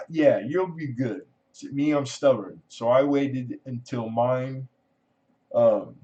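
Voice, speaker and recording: A man hosting a casual livestream chat, telling a long personal story in a rambling way, laughing often and trailing off. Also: warm tone. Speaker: livestream host. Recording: muffled low-fidelity audio.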